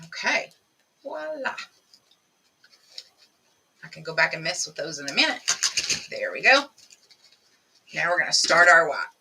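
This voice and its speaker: Lady chatting through a craft demo, bright lively voice, bit off mic with faint noise. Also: low voice, a little slow, creaky, long pauses, recorded from a distance, poor audio. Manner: chatty, talks to viewers while working. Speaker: craft tutorial host. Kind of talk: live crafting demonstration.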